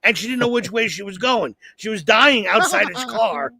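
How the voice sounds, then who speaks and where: A man tells a rambling, excitable anecdote on a comedy podcast. His voice sits high for a man and sounds bright and sharp, and he keeps restarting his sentences. The recording is close and dry. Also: moderate pace, gravelly, dry recording. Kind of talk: casual chat, storytelling.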